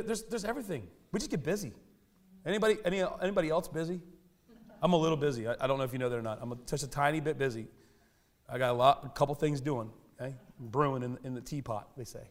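A man preaching a sermon in a church, animated and conversational, with self-deprecating humor. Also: on the high side. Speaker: pastor. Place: church sanctuary.

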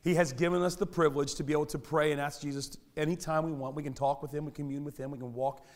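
A man preaching a sermon in a church, animated and conversational, with self-deprecating humor. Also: fairly high pitch, fast. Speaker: pastor. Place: church sanctuary.

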